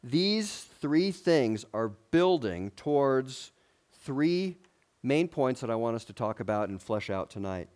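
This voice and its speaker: A man's voice: mid-range voice, sing-song, takes it slowly, darkish tone. Conversational male preacher giving a sermon. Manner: conversational, asks the congregation questions, light humor.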